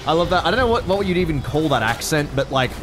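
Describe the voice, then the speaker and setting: Excitable Australian man gaming. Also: on the high side, fast. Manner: excitable, swears freely, talks to units in game. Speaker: gaming streamer. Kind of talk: casual gameplay commentary. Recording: commentary over game audio with music.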